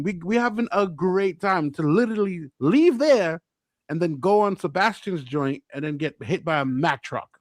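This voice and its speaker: A man with a high, bright speaking voice tells stories on a casual show. He keeps slipping into other people's voices as he quotes them. The sound is close and dry. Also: expressive, moderate pace, no room sound. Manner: acts out quotes in different voices, laughs a lot. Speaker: podcast co-host. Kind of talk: animated storytelling chat.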